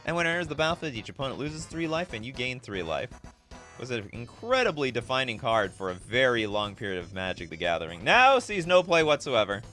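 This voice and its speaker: A man's voice: mid-range voice, very animated, a little fast, bright, forceful tone, faint music behind. A man streaming live, reading viewer requests in casual, self-mocking chat, laughing often.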